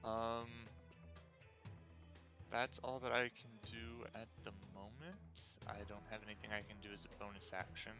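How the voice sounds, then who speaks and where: A man taking his turn as a player in an online tabletop game, easygoing and halting with fillers. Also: lowish voice, fairly even intonation, music in the background. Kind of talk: casual tabletop game chat.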